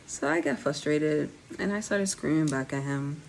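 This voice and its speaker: A woman's voice: on the low side, measured pace, few pauses, darkish tone, slight background noise, rough recording. A young woman with a slight lisp, telling her own story candidly to viewers in a casual vlog. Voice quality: slight lisp from dental aligners. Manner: candid, conversational, direct to viewers. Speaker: vlogger.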